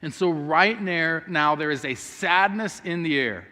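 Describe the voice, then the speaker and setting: A man's voice: on the high side, measured pace, bright, forceful tone. A man preaching a sermon as pastor, telling a story earnestly and speaking the sisters' words aloud. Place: church sanctuary. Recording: long hall reverb.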